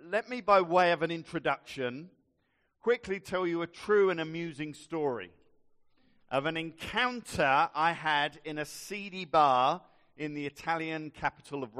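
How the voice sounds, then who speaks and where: A man giving a sermon, telling a story with measured, dry humour. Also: on the high side, a bit bright, clear, resonant tone. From England. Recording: long reverb hall.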